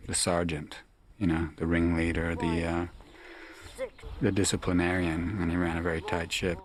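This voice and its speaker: A man's voice: deep voice, completely flat delivery, normal speed. A man actor in a documentary interview, telling a story in an amused way.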